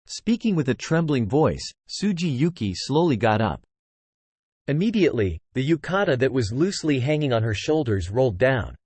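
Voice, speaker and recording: A man narrating a web novel in a plain, steady reading. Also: medium pitch, normal speed, husky, no echo. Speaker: audiobook narrator.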